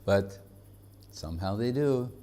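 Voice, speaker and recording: A man who is a spiritual teacher, giving a conversational devotional lecture in an informal, halting way, with frequent fillers and chuckles. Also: lowish voice, expressive, warm tone.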